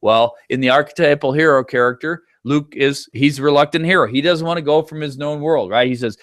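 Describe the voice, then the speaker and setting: A man's voice: on the high side, brisk, no room sound, studio quality. Man lecturing with constant "right?" checks. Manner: conversational, checks in with frequent "right?"; animated retelling with brief quoted voices. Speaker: teacher. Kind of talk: classroom lecture.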